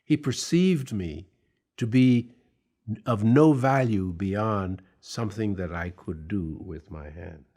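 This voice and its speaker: Man, low voice, very slow pace, storytelling, deliberate, pauses with fillers. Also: dark tone. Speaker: interviewee. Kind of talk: storytelling anecdote.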